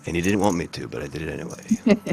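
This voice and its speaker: A man calling live poker hands in a relaxed, joking play-by-play style. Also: extremely low pitch, fast talker, vocal fry. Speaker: poker commentator.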